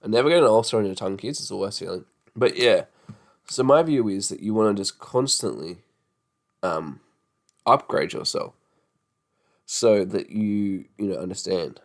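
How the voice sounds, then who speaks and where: Australian man, 20s, low voice; loose, profane solo podcast host. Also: animated, normal speed, long pauses. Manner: rambling, swears freely, mocking put-on voices. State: sore tongue and jaw. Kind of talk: casual podcast monologue.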